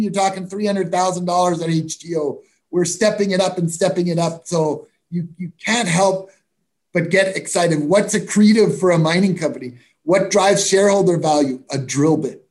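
A man, a mining company executive, giving emphatic, repetitive interview answers. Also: high-pitched.

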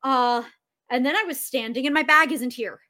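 A woman's voice: high voice, moderate pace, bright, forceful tone. A woman playing a tabletop role-playing game, speaking wryly and switching between her character's talk and narrating its actions. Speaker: player.

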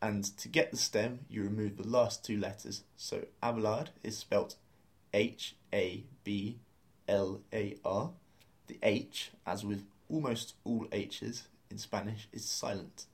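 Low-voiced man teaching patiently. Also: steady tone, slow pace. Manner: patient, methodical explanations with spelled-out letters. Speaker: language teacher. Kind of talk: explaining a lesson.

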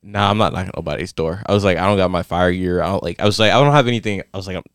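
A young man in casual chat, telling a story with lively quoted voices that jump high. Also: racing, clear, resonant tone, dry recording, clean studio sound. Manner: animated, acts out quotes with big pitch jumps.

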